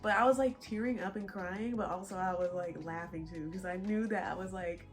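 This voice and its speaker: A woman's voice: fairly low pitch, brisk, hardly any pauses, faint music behind. A young pregnant woman chatting casually to her viewers, laughing often as she tells a story. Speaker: vlogger. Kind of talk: casual chat.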